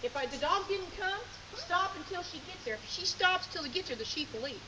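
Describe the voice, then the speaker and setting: A woman's voice: extremely high pitch, lively intonation, brisk, dull audio, noisy background. A woman teaching a sheepdog handling lesson outdoors in a field, talking in a folksy, direct way and giving short commands. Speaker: sheepdog training instructor. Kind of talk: hands-on coaching lesson.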